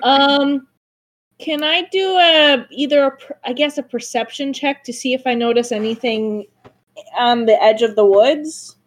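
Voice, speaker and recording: A woman's voice: high-pitched, a little slow. A woman chatting casually as a player in a tabletop game, hesitating with fillers. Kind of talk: casual play chat.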